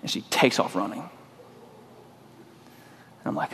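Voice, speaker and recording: A middle-aged man preaching a sermon in a relaxed, conversational way, telling a personal story and acting out his own lines. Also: mid-range voice, measured pace, creaky. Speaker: pastor. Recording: long hall reverb.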